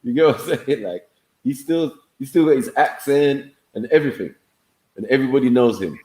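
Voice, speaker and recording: A man's voice: mid-range voice, animated, a little fast, darkish tone, echoey room, poor audio. A man, chatting easygoing on a live online panel and often asking "you get me.". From England.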